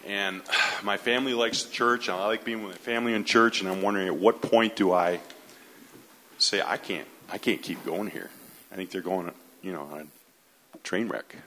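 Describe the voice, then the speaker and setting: Guy in the crowd asking a question, low voice, kinda hesitant, faint room hum. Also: normal speed, pushed and bright. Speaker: audience member asking a question.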